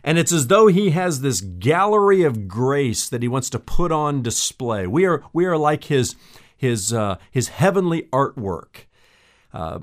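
A male pastor delivers a sermon in an earnest, personal tone, speaking straight to the listener as a friend. His voice sits at an ordinary middle pitch for a man.

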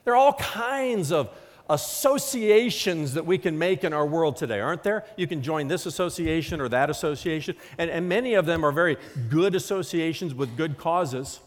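A man's voice: a little high, lively intonation, moderate pace, long reverb tail. A middle-aged man preaching a sermon as a pastor, emphatic and acting out quotes.

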